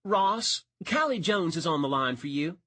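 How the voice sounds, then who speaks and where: A male narrator voicing a brisk, teasing woman who works the desk at a sheriff's office. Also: fairly low pitch, expressive, breathy edge, dry recording, pitched above the performer's own voice. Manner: teasing, sharp-tongued.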